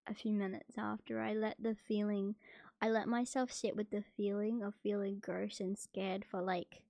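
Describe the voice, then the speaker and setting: A young woman chatting casually on a stream, soft and hesitant, with many fillers. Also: medium pitch, level tone, measured pace, dry recording. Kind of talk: casual chat.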